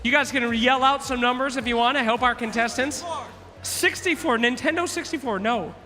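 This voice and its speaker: A man hosting a quiz at a live event, loud and playful, teasing contestants and shouting out to the crowd. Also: extremely high pitch, moderate pace. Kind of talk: energetic stage hosting to a crowd. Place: large live event arena. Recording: echoey arena hall with music.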